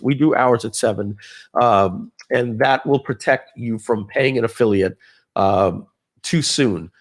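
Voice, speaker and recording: A man giving a casual live software demo, talking viewers through settings with fillers and asides. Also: medium pitch. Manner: lively, conversational, with frequent fillers and asides. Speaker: software trainer.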